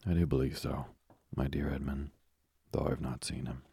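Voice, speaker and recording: A man voicing a kindly, fatherly older ship owner in an audiobook, with a gravelly, husky voice. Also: a bass voice, steady tone, normal speed, mellow, no room sound, exaggerated voice. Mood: genial. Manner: genial, fatherly. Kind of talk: audiobook character reading.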